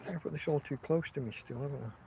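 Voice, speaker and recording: A man's voice: a little high, fast, gravelly, highs cut off, background noise. An English man hosting a casual livestream from his tent, telling rambling, profane stories full of restarts. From England. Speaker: podcast host.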